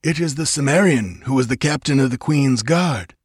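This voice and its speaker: A man's voice: medium pitch, slow, a bit bright, breathy edge, dry recording, clean studio sound, voice pushed up. A man voicing a desert tribesman with a guttural voice, in a storybook reading. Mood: gruff.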